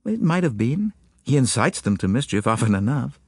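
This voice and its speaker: A man's voice: mid-range voice, big pitch swings, moderate pace, creaky, husky, no room sound, studio quality, pitched above the performer's own voice, exaggerated voice. A man voicing a worried mother of two boys, speaking urgently in an audiobook.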